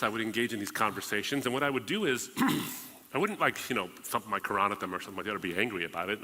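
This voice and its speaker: Bright-voiced man telling his story. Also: medium pitch. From United States. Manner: conversational, re-enacts past dialogues. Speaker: podcast host. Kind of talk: personal testimony storytelling. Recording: reverberant hall.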